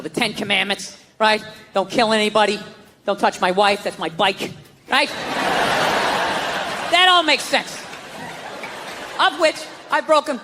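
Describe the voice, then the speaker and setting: A man doing a stand-up comedy set, profane and animated, slipping into mocking voices. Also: extremely high pitch, background noise. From United States. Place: large hall before a live audience. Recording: live stage recording in a reverberant hall with crowd.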